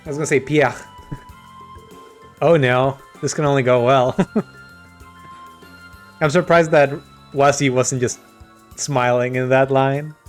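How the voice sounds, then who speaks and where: A man's voice: medium pitch, level tone, a little slow, long pauses, faint music behind. A man giving casual, joking commentary while playing a game, with laughing asides. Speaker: game streamer.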